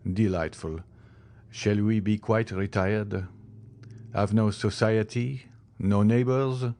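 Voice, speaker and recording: A man's voice: on the low side, fairly even intonation, slow pace, dark tone, a little hiss or hum. A man reading the part of an eager young viscount in an audiobook, speaking earnestly.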